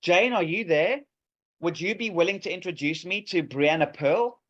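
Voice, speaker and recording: A man's voice: high-pitched, normal speed, fairly bright tone. A man presenting an app demo on a video call, enthusiastic and salesy, with many fillers and restarts. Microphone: video call microphone. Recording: dull lo-fi call audio.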